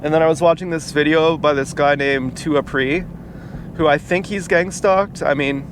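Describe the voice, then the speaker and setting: A man tells a personal story in a casual, halting way, full of fillers and restarts. His voice sits a little high. It was recorded outdoors, and clear car and street noise runs behind him. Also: steady tone. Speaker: vlogger.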